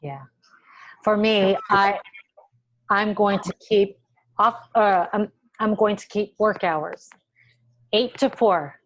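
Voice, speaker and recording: A woman's voice: mid-range voice, slow, pauses often, low-quality recording. A woman teacher moderating a panel discussion over a video call, earnest and encouraging, often restarting her sentences.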